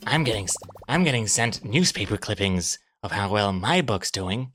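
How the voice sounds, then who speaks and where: A man's voice: on the low side, expressive, normal speed, hardly any pauses, fairly bright tone, soft background music. A man streaming as a comic artist, joking around in a mock self-pitying way with his partner. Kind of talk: casual stream banter.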